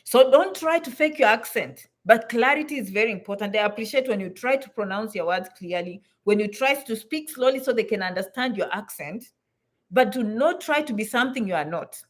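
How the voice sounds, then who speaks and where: A woman's voice: on the high side, lively intonation, brisk. A woman from Africa, giving blunt, emphatic advice to immigrants and repeating points for stress. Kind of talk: direct-to-camera advice talk.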